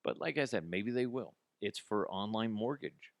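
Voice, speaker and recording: A man's voice: lowish voice, animated, moderate pace, dry recording. A man hosting his own podcast, ranting in a blunt, mocking way with lots of restarts. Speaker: podcast host. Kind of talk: casual solo podcast rant.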